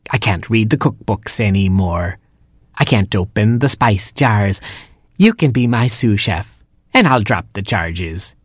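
A man's voice: lowish voice, animated, unhurried, breathy edge, no room sound, studio quality. A man doing a bossy old porcupine granny. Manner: scolding, wheedling.

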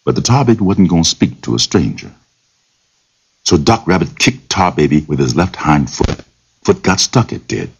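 A man's voice: low-pitched, very animated, normal speed, creaky, noisy background. A man telling a folktale aloud in a rhythmic, lilting oral style full of repetitions. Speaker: storyteller. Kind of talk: folktale storytelling. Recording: dull lo-fi recording.

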